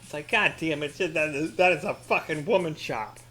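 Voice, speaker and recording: Man, crude rambling game commentary, sharp bright tone, faint music behind. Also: on the high side, normal speed. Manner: rambling, profane, crude joking; mock-ranting with sarcastic asides. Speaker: gaming commentator. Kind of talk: casual let's-play commentary.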